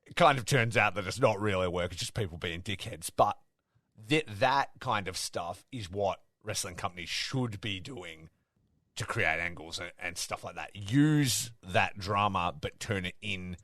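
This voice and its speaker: A man co-hosting a casual wrestling podcast, telling stories with excitement, swearing often and acting out what others said. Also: low voice, moderate pace, no room sound, studio quality. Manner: excitable storytelling, swears a lot, acts out quotes. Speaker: podcast co-host.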